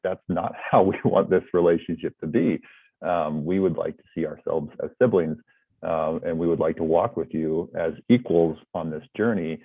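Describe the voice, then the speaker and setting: A man's voice: low-pitched, steady tone, moderate pace, dry recording. A man from North America, a podcast guest, talking in a hesitant way with many restarts and fillers. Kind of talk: casual interview talk. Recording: tinny phone-like line.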